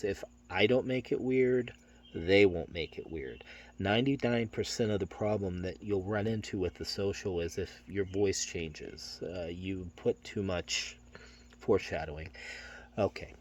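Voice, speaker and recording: Speaking at normal speed in a low voice, a middle-aged man coaches insurance telesales agents on a phone script. He stays steady and matter-of-fact, performing the salesman's lines himself.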